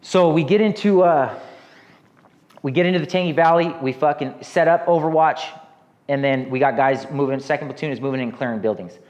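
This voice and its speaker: A man's voice: a little high, a little fast, a little mellow. An American man in his thirties telling a rambling, profane war story as an interview guest, with many restarts. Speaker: guest, army veteran.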